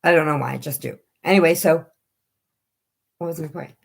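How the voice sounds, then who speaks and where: A woman chatting casually on a home live stream, telling lively stories and acting out what people said. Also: deep voice, brisk, creaky, slightly rough. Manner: animated storyteller who acts out quoted voices.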